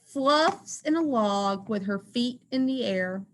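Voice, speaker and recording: A woman teacher reading a rhyming picture book aloud in an expressive, sing-song way. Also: on the high side, takes it slowly.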